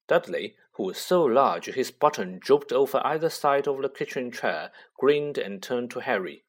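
Male audiobook narrator, mid pitch, wide lively melody. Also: moderate pace, few pauses. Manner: expressive, varied intonation. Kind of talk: scripted storybook narration.

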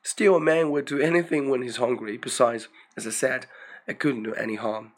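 A man's voice: mid-range voice, steady tone, moderate pace. A man reading a first-person story aloud, in a plain storytelling manner with dry asides. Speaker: reader.

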